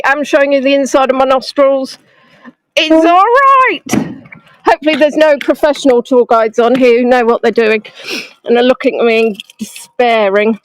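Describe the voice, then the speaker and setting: A woman's voice: high-pitched, dry recording, rough recording. Chatty woman guiding a live tour. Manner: chatty, self-deprecating, greeting viewers by name. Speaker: virtual tour guide. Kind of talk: live-streamed walking tour chat. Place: outdoors in a snowy town street. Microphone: phone on a gimbal held close to the face.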